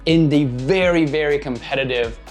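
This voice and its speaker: A man with a raspy voice, hoarse from being sick, casually and enthusiastically reviewing audio gear for his channel. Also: a little high, normal speed, faint music behind. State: hoarse from illness. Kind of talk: product review talking to camera.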